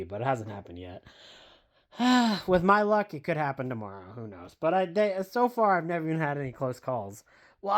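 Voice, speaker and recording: A woman, chatting casually and rambling in a home vlog from her basement, self-deprecating, full of fillers and the odd swear. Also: low voice. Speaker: book vlogger.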